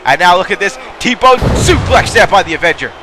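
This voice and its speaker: A man giving excitable, mildly profane play-by-play commentary on a wrestling video game. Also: high voice, normal speed, a little hiss or hum.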